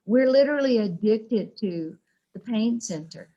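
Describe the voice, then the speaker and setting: A woman's voice: fairly high pitch, animated, measured pace, mellow, highs cut off. A woman speaking earnestly and with emphasis in a casual conversation.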